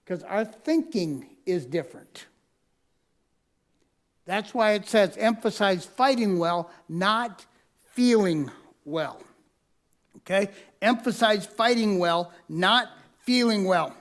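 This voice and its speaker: A man's voice: sits high, lively intonation, slow, long pauses, a bit bright. A man preaching a sermon as pastor, mixing a personal story with teaching, repeating key lines for emphasis and telling listeners to mark their notes. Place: church sanctuary.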